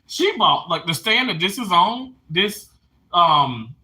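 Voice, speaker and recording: A man live streaming casually to his chat, emotional and animated, laughing and tearing up as he talks. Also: high voice, slow pace.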